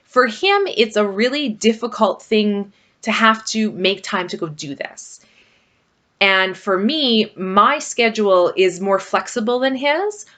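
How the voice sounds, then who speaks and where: A woman's voice: medium pitch, animated, slow, a bit bright. A middle-aged woman vlogger talking casually and rambling about her marriage, with frequent fillers. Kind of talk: casual personal talk to camera.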